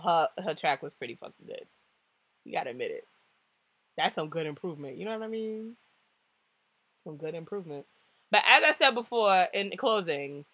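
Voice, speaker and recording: A young woman from the New York–New Jersey area reviewing a TV show in a casual vlog, slangy and animated, often laughing and acting out what others said. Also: lowish voice, dry recording. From New York–New Jersey tri-state area.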